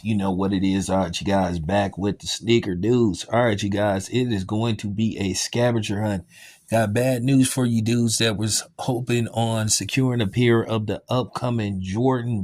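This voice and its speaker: Male vlogger host, lower pitch, loose joking delivery with lots of fillers. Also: a little mellow. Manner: rambling, joking and sarcastic, with many fillers. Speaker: sneaker news vlogger. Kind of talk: casual chat.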